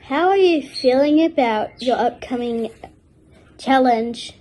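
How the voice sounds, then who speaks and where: A woman presenting a scripted mock news report with measured, formal delivery. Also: high voice, darkish tone, a little hiss or hum, low-quality recording.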